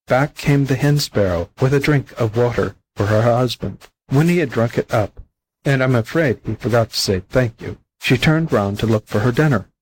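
A man reading an old fable aloud as a volunteer audiobook narrator, in a plain, steady storybook manner. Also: mid-range voice, normal speed, breathy edge, poor audio.

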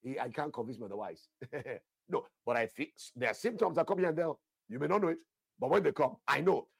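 A man's voice: fairly high pitch, animated, brisk, gravelly, slightly rough, dry recording. A man preaching a fervent sermon, repeating himself and addressing listeners directly as sir. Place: church altar session.

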